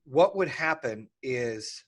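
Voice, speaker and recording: A man telling the story of building his business in an animated, candid way, swearing casually and acting out both sides of old arguments. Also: medium pitch, slow.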